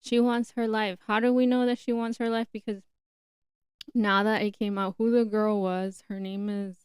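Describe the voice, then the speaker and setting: A young woman hosts her podcast in a chatty, opinionated run of talk. Her voice is smooth and clear at a middle pitch. The recording is close and dry. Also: a little mellow, no room sound. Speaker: podcast host. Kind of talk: casual solo podcast talk.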